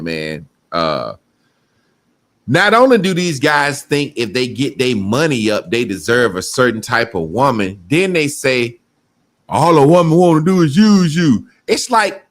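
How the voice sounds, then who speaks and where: A man's voice: mid-range voice, no echo. A middle-aged man talking casually on a podcast, swearing freely and acting out the people he quotes. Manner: animated, profane storytelling with mocking quoted voices. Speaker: podcast co-host.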